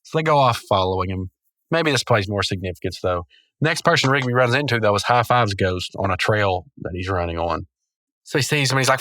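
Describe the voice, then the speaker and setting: Rambling podcast host recapping a cartoon. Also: male voice, fairly low pitch, lively intonation, a little fast, fairly bright tone, no echo. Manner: rambling, self-correcting, chuckling. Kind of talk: casual episode recap.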